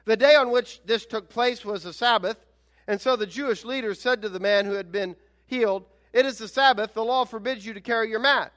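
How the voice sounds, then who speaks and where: A male pastor preaching a sermon in an animated, conversational way, with emphatic rhetorical questions. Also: sits high, fairly quick.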